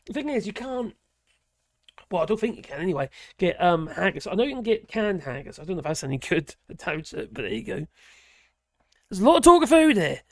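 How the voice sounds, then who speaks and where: A live-stream host from Norwich, England, rambles chattily through viewer comments, reacting to them aloud. His mid-range voice is gravelly with some fry, swings widely in pitch, and moves briskly. The audio is dry and close, with no room sound around it.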